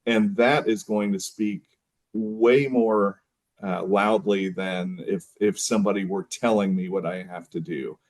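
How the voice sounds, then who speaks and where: Deep-voiced, hesitant man. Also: steady tone, measured pace, darkish tone. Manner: thoughtful, hesitant, many fillers and restarts. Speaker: podcast guest. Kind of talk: casual conversation.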